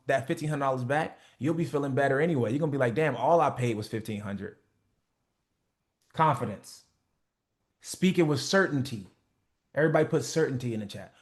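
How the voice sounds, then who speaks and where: Animated, profane man coaching a group call. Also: on the high side. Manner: animated, profane, acts out skits. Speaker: business coach.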